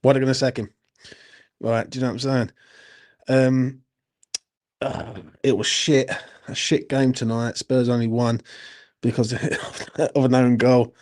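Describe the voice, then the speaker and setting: Ranting football fan host. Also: male voice, mid-range voice, level tone, unhurried, long pauses, darkish tone. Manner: ranting, swearing heavily, blunt and riled up. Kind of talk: late-night live-stream rant, reading viewer comments.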